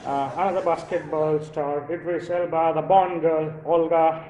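A man's voice: fairly high pitch, little pitch movement, normal speed, roomy sound, over a noisy crowd, heavy background noise. A man from India doing a rambling stand-up comedy monologue, full of fillers and chuckles at his own jokes.

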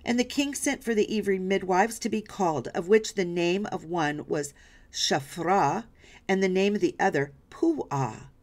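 A woman's voice: mid-range voice, measured pace, a little mellow. A woman Bible teacher reading scripture aloud and stopping to explain it, often checking in with "right?" and "okay?". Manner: reads passages aloud, then stops to explain.

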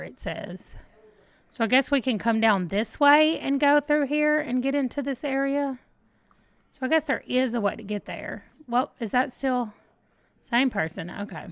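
A woman's voice: on the high side, fairly bright tone, dry recording. A woman hosting a let's play, chatting casually and thinking aloud as she plays. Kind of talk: casual gameplay commentary.

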